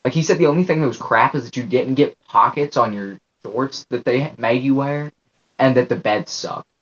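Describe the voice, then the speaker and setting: A man with a husky, slightly rough voice at an ordinary pitch, chatting casually with friends on a podcast. He is laid-back and makes deadpan jokes. The sound is muffled and lo-fi. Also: normal speed. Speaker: podcast co-host. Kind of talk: casual chat. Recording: muffled lo-fi audio.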